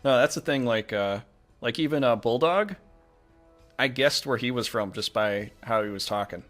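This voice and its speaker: A man's voice: mid-range voice, moderate pace, a bit bright, soft background music. A man hosting a casual podcast chat, easygoing and explaining things with filler words. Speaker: podcast host.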